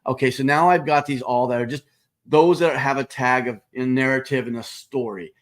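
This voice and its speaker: A man presenting a live screen-share walkthrough of a software product, explaining each step casually and speaking directly to viewers. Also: mid-range voice, steady tone, normal speed.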